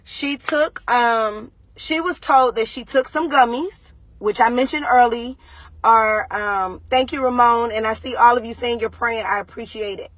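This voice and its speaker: A mother talking to viewers on a live video, shaken and pausing often with ums. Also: a little high, a bit bright, no echo. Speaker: mother giving a livestream update.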